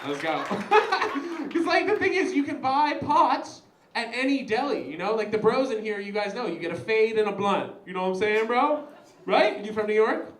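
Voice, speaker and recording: A young man doing stand-up at a live comedy show, his voice high and bouncing all over the place. He talks straight to the crowd in an animated, chatty way, and the room sounds big and echoey around him. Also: normal speed, a little hiss or hum. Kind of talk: stand-up set with crowd work.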